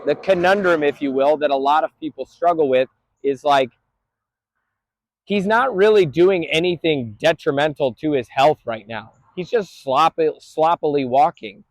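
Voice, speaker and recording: A man's voice: a little high, unhurried, no echo. A man training a dog outdoors on a busy street, explaining his approach plainly and calling out praise to the dog. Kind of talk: outdoor training talk to camera.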